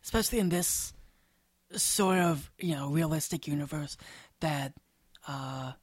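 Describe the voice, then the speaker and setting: A man co-hosting a podcast, chatting casually and asking measured questions. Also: fairly high pitch, slightly rough, dry recording. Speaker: podcast co-host. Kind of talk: casual chat.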